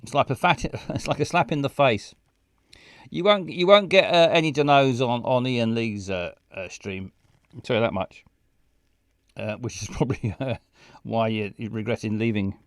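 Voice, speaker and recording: A man's voice: medium pitch, moderate pace, no room sound. A man rambling and stumbling through casual live game stream commentary on a close mic. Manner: rambling, stumbling, self-mocking.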